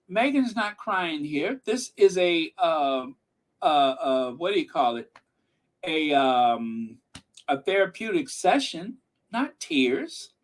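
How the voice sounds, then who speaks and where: A man talks to his viewers in a slow, drawn-out way, with a voice that sits a bit high for a man. His commentary is sarcastic and emphatic, and he keeps talking to his audience and reading from the chat. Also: fairly bright tone. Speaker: commentary channel host. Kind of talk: casual reaction commentary.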